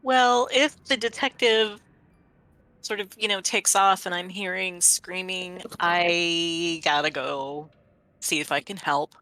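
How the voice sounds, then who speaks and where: A woman player with a fairly low voice and a bright, sharp tone talks through her move in a tabletop game. She asks careful questions and plans out loud. Her voice sounds dry and close. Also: slow pace, dry recording. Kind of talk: casual tabletop play.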